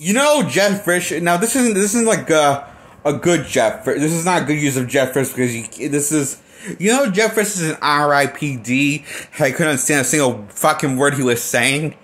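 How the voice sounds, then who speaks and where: A man's voice: a little high, expressive, moderate pace, a bit bright. A man giving a casual film review as a movie critic, blunt and profane, rambling and restarting his sentences often.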